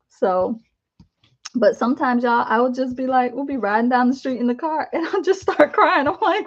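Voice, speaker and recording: A woman in her fifties chatting casually on a live stream, candid and rambling, with lots of fillers, laughs and animated quoted asides. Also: high voice, moderate pace, breathy edge, muffled recording. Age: 50s. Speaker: vlogger. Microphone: live-stream camera mic.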